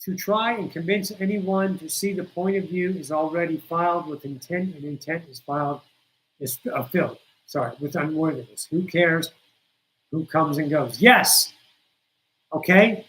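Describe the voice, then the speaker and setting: A woman whose voice sits low hosts a spiritual teaching livestream at a moderate pace, the recording rough. Addressing viewers bluntly, she swears freely and preaches, driving each point home through insistent repetition.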